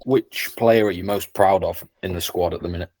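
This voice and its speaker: A man's voice: low-pitched, fairly even intonation, brisk, a little mellow. A man hosting a casual podcast interview, asking short, dry questions. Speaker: podcast host.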